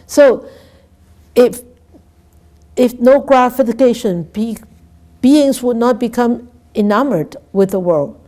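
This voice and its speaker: A Buddhist nun giving a dharma talk. She speaks haltingly, repeats words and keeps asking "right?". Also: sits high, dark tone. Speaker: Buddhist nun teaching scripture.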